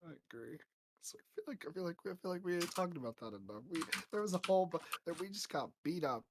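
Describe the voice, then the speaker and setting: A man playing a tabletop game, excitable and laughing, often restarting his sentences. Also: a little high, fast talker, background noise. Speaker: player. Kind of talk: casual tabletop role-play.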